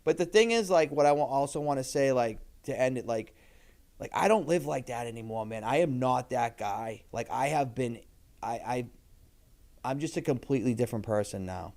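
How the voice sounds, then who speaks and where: A man in his thirties with a gravelly, fry-edged voice. He tells his stories casually and animatedly on a podcast, swearing freely and slipping into other people's voices. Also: medium pitch, expressive, moderate pace, darkish tone. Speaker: podcast guest. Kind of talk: casual storytelling.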